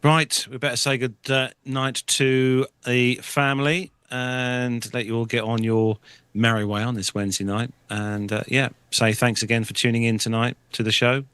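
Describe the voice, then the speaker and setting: Male podcast host, resonant clear voice, halting delivery with fillers. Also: mid-range voice, little pitch movement, fairly bright tone, no room sound. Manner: hesitant, many fillers. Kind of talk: casual chat and show closing.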